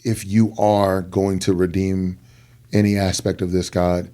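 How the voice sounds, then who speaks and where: A man's voice: measured pace, clear, resonant tone. A middle-aged man, a guest rapper, telling personal stories in an earnest podcast conversation and acting out the people he quotes. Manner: earnest, animated, acts out quoted people with big pitch jumps. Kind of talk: candid podcast storytelling.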